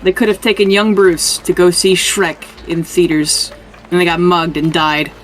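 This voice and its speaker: Joking podcast co-host, mid pitch. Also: flat delivery, faint music behind. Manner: joking, quick asides, laughs often. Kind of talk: casual chat.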